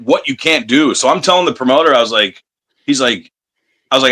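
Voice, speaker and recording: A man with a bright, forceful voice recounts road stories as a podcast guest. He swears freely and laughs as he talks. The pitch sits in an ordinary middle range. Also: lively intonation, a little fast. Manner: profane, laughing storyteller. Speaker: wrestler guest. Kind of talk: casual storytelling interview.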